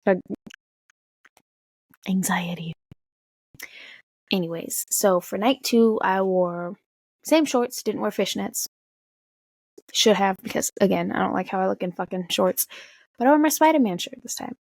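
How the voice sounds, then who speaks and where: A young woman from the Tacoma area telling an animated storytime, swearing and acting out quotes. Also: mid-range voice, normal speed, vocal fry, no room sound. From Tacoma area, USA. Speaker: vlogger. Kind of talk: casual storytime.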